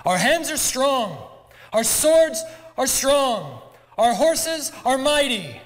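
A man playing a male commander rallying troops before battle, shouting battle cries. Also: very high voice, sing-song, slow pace, pitched above the performer's own voice, exaggerated voice. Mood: rousing. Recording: long church hall reverb.

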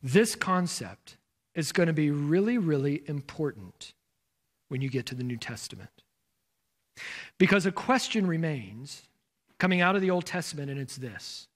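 This pastor's voice is a little high and animated, moving at a moderate pace with long pauses. Preaching a sermon, he explains scripture in an expository way, poses rhetorical questions, and tells listeners where to turn in their Bibles.

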